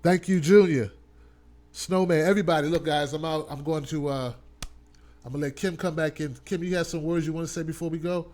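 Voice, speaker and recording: A man's voice: a little high, fairly even intonation, a little fast, darkish tone. Earnest man rallying his audience. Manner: earnest, repetitive, rallying, informal speech. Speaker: host. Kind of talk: live online talk show with chat shout-outs.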